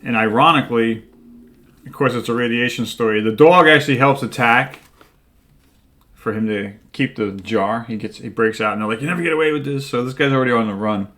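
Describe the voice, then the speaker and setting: A man's voice: medium pitch, fairly quick, pushed and bright. A man co-hosting a show, retelling comic book plots in a rambling, casual way that is full of "like" and "right?". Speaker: co-host.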